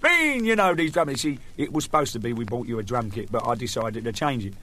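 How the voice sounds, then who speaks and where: A man's voice: medium pitch, lively intonation, fast talker, pushed and bright, a little hiss or hum. A middle-aged man hosting his own radio spot, rambling playfully and chuckling at his own jokes. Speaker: radio show host. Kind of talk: joking casual monologue.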